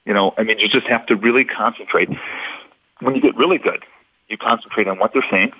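A man with a low, husky voice talks patiently and methodically, laying out his points step by step and circling back to stress them. He sounds dry and close, squeezed through a thin phone-like line. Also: a little fast, no room sound. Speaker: interview guest explaining statement analysis. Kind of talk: instructive radio interview.

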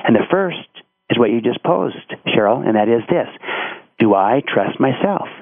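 A man's voice: medium pitch, lively intonation, normal speed, no room sound. A man, a guest author, telling a story in an interview with an earnest manner and many restarts. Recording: tinny phone-line sound.

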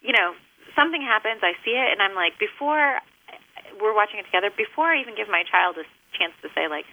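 A woman's voice: fairly high pitch, fast, poor audio. A middle-aged woman, a guest author in a conversational interview, giving practical parenting tips and acting out her own reactions. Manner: animated, acts out her own reactions in quotes.

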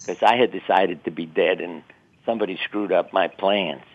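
An older man recounts personal experiences in a relaxed, reflective interview manner, now and then laughing at himself. His voice sits very low. The sound is narrow and tinny, like a telephone call. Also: moderate pace, slight background noise. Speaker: guest. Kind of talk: interview storytelling. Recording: tinny phone-line sound.

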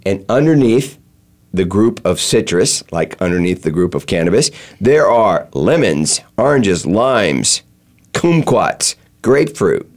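A man's voice: fairly low pitch, very animated, a little slow. A man hosting a talk show, explaining step by step with many fillers and restarts. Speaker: show host. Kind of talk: explanatory chat.

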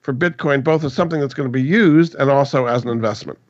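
A man's voice: medium pitch, quick pace, dry recording. A man hosting a finance radio show, interviewing a guest and often repeating words as he asks his questions. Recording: dry, dull lo-fi radio sound.

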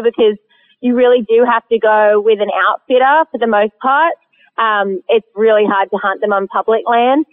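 Australian woman over a tinny phone line. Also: a little high. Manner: animated, laughs often. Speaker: guest hunter. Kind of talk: casual storytelling.

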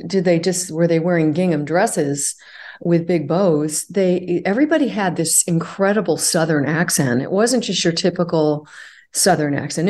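A woman being interviewed, speaking in a reflective, halting way with frequent fillers and soft laughs. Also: deep voice. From California. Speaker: guest. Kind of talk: conversational interview.

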